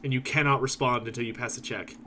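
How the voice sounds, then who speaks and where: A man narrating a tabletop game as game master, relaxed and laughing easily. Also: medium pitch, fast, a little hiss or hum.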